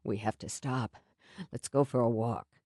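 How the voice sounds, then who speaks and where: Lady narrator putting on a low soft young guy for an audiobook, earnest and protective, warm dry sound. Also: steady tone, a little slow, no echo, heavily acted. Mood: tender. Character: tender young man, earnest and protective lover.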